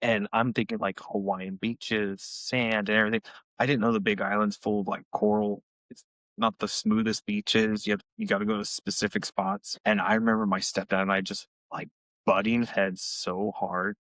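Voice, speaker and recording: On a podcast he co-hosts, a young man shares family stories in casual conversation, performing the quoted lines in high voices. His tone is level and fairly bright, his pace moderate, and the recording is dry but of poor quality.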